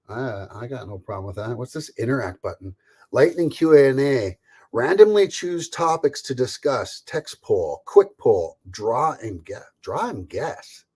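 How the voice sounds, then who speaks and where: A man's voice: mid-range voice, darkish tone. A man hosting a casual live stream from home, rambling chattily, greeting viewers by name and laughing often. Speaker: livestream host.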